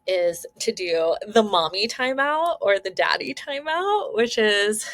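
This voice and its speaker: A woman talks through parenting advice in a casual, chatty way, laughing often and checking in with "okay" and "right." Her voice sits at an everyday middle pitch. The sound is dry, with no room echo. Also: fairly bright tone. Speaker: parenting coach. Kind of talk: casual advice talk to camera.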